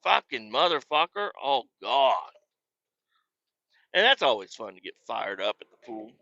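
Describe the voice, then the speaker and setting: A man's voice: lowish voice, a little slow, no echo, lo-fi sound. A man in his thirties, hosting a podcast, telling rambling stories with plenty of swearing. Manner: profane, rambling and animated. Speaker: podcast host. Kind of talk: casual storytelling chat.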